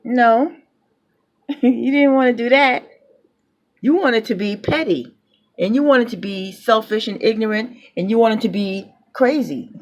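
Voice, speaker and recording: A woman's voice: a little high, a little slow, a little mellow, muffled recording. A woman with a New York accent films her apartment and vents her anger with defiant, repeated phrases, laughing between lines. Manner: defiant, repetitive, laughs mid-rant. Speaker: public housing tenant vlogger. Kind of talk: angry phone-camera vlog. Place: apartment, indoors.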